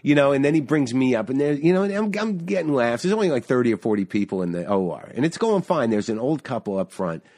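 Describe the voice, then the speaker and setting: A man's voice: medium pitch, big pitch swings, fast talker, hardly any pauses, a little mellow. A man chatting as a podcast guest, telling a story intensely, swearing and restarting his sentences. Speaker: guest comedian. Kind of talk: casual podcast chat, storytelling.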